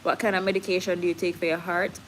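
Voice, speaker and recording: Jamaican woman, lower voice, candid live-stream host who mixes in patois, faint hiss behind. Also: flat delivery, quick pace, poor audio. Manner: candid, switching into patois, reads viewer comments. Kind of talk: casual live-stream chat.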